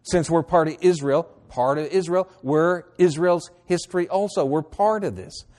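A man preaching a sermon, reading scripture slowly and deliberately and then explaining it in plain talk, now and then clearing his throat. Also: a little high, darkish tone. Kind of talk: sermon, Bible teaching.

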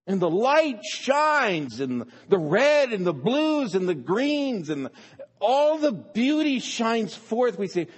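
A man preaching a sermon, swinging between hushed, drawn-out phrases and sudden emphatic bursts. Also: sits high, big pitch swings, husky.

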